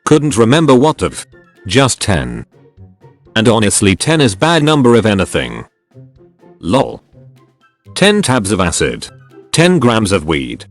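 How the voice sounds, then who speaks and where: A low-voiced man reads online stories aloud to his viewers. His delivery is animated, and his pitch rises and falls freely through every sentence. Faint music plays softly underneath. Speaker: narrator reading forum stories.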